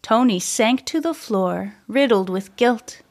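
A woman narrating a children's story aloud, gentle and measured. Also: fairly high pitch, animated.

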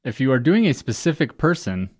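A man's voice: mid-range voice, sing-song, brisk. A man co-hosting a podcast, dropping dry, wry remarks into the chat. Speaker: podcast co-host. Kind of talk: casual chat.

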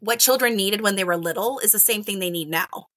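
A middle-aged kindergarten teacher talks casually in an interview, animated and acting out quoted exchanges with lots of "like" and "right?". Her mid-range voice is a little fast, with no echo.

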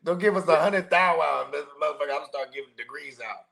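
A man's voice: on the high side, fast talker, creaky, fairly bright tone. Profane slangy man telling stories. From San Francisco Bay Area. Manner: loose, profane, slangy storytelling. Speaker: podcast co-host. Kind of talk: casual chat.

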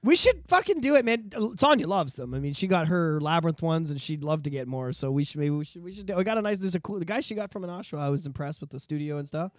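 A young man on a casual podcast talks fast and high, his voice swinging up and down as he rambles and swears. The recording is dry and close to the mic. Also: no echo. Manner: profane, rambling, animated, bursts into shouted impressions. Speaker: podcast co-host.

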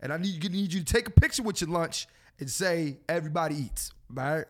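High-voiced, profane male podcast host. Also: lively intonation, fairly quick, darkish tone. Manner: profane, preachy and joking. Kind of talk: casual podcast chat.

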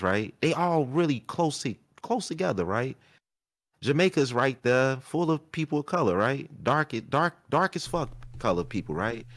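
Profane animated man telling a story. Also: mid-range voice, no echo, studio quality. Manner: animated, profane, retells a heated argument. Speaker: podcast host. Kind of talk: casual storytelling chat.

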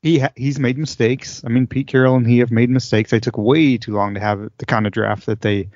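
A man's voice: mid-range voice, fairly even intonation, a little fast, a little mellow, no echo, lo-fi sound. Hedging man in casual sports talk. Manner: hedging, many "I mean" fillers. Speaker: podcast co-host.

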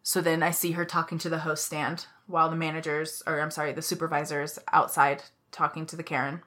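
Young woman podcast co-host, fired-up profane storyteller, lower-pitched and bright. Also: a little fast. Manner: heated, profane, animated storytelling. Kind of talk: casual storytelling chat.

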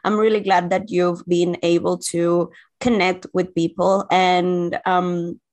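A woman chatting casually as a podcast co-host, warm and reassuring, with frequent giggles. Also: on the low side, flat delivery, slow pace. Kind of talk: casual chat.

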